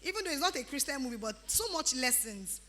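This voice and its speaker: Nigerian woman, 30s, youth retreat speaker; bright high voice, playful scolding delivery. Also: fast, a little hiss or hum. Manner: animated, teasing, breaks into pidgin-flavored asides. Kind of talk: lively exhortation to teenagers.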